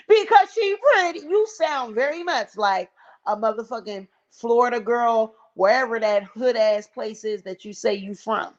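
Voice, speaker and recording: A woman's voice: fairly high pitch, highs cut off. A woman hosting a casual gossip commentary vlog, blunt, sassy and profane. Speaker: vlog host.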